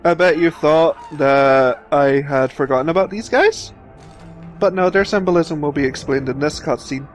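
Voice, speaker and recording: A man with a fairly high voice gives loose, chatty commentary over a video game, swearing freely and thinking out loud. Faint game music plays beneath him. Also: normal speed. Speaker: let's play host. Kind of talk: casual gameplay commentary.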